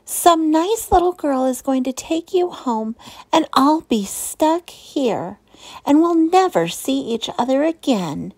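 A woman's voice: high voice, big pitch swings, takes it slowly, a little mellow, no room sound, voice pushed up, exaggerated voice, low-quality recording. A woman voicing an anxious, weepy young female hamster in a storybook read-aloud, wailing and sniffling.

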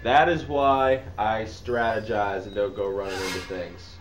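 A man with a Northeastern Ohio accent giving casual, rambling let's-play commentary, chatty and quick to laugh. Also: fairly low pitch, fairly even intonation. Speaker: gameplay commentator. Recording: roomy echo with game music and gunfire.

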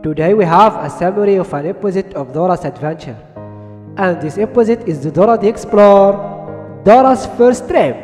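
A man's voice: high-pitched, lively intonation, normal speed, darkish tone. A man whose first language is Arabic, hosting a channel and retelling a cartoon episode in simple, broken English. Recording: reverberant with background music.

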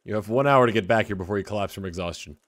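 A man's voice: on the low side, rapid-fire. A man chatting casually while playing a game on a live stream and reading out subscriber thanks. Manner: animated, reads out subscriber thanks. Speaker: streamer, co-player.

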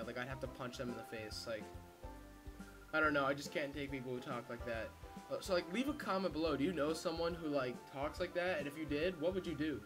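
A young man giving casual, rambling let's play commentary with crude jokes. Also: a little high. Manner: rambling, joking, crude asides. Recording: game music loud underneath.

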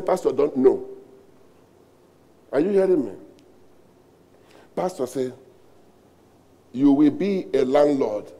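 Pastor, Nigerian-accented man, high voice with a gravelly edge; emphatic sermon delivery, lots of repetition. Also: warm tone. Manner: emphatic preaching with rhetorical questions and repetition.

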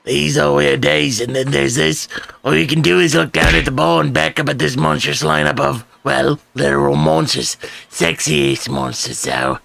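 A man's voice: on the high side, fairly even intonation, moderate pace, vocal fry, a bit bright, no echo. A man hosting a let's play, reading a game's narration aloud with wry, theatrical delivery and joking asides.

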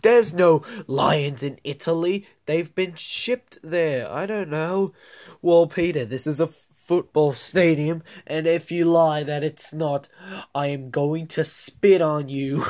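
A performer improvising a crude toy-puppet comedy skit, switching between many squeaky and gruff character voices. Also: takes it slowly, a little mellow. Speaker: toy puppet show creator voicing every character.

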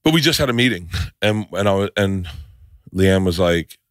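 Speaking at a moderate pace in a low voice, a podcast host chats casually and tells vivid stories, cursing freely and playing out the scenes himself. The studio sound is clean, with no room sound.

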